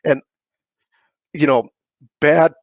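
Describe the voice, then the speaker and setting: A man's voice: fairly high pitch, fairly even intonation, drawn-out words, no room sound, muffled recording. A middle-aged man telling war stories as a podcast guest, rambling through restarts and asides. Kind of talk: casual storytelling.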